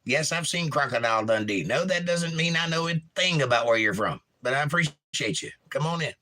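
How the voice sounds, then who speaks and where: A man's voice: fairly high pitch, lively intonation, brisk, sharp tone. A man hosting a livestream in a casual way, reading viewers' chat messages aloud and adding wry asides. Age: young adult.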